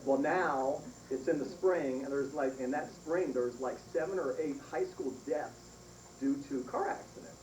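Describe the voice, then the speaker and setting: A man's voice: medium pitch, unhurried. A middle-aged man giving a eulogy for his mother, telling a funny family story with lots of laughter. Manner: animated storytelling with frequent laughs. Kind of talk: humorous storytelling at a funeral. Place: funeral service hall. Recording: echoey room from far off, noisy.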